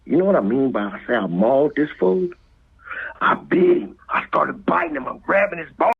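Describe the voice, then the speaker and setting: This Los Angeles-accented guest storyteller is very animated, telling a street story at a moderate pace in a very raspy, breathy, husky voice. Wide pitch swings come as he acts out voices and sound effects, sometimes falling to a whisper, and the sound is tinny like a phone.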